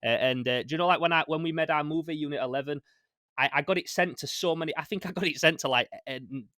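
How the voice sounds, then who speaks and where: A man with a Sheffield accent hosting a podcast interview, talking fast in casual slang with lots of restarts and the odd swear. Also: a little high, pushed and bright, no echo, clean studio sound. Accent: Sheffield, Northern English. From Sheffield, England. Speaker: podcast host. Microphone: remote call audio.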